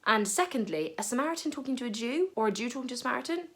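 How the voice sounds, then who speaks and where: A woman's voice: fairly high pitch, expressive, racing, fairly bright tone, slightly rough. A woman and youth leader retelling a Bible story in a chatty, comic way, with gasps and playful asides.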